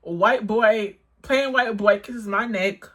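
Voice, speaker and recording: A woman telling a casual storytime, animated, with many 'like's and quick jumps up in pitch. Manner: animated, swings high when quoting herself, lots of 'like'.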